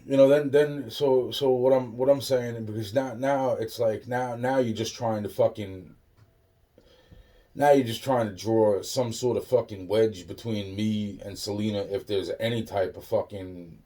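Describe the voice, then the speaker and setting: A man's voice: lowish voice, steady tone, unhurried, mellow, distant mic. A man in a rambling, profane monologue, restarting his sentences again and again.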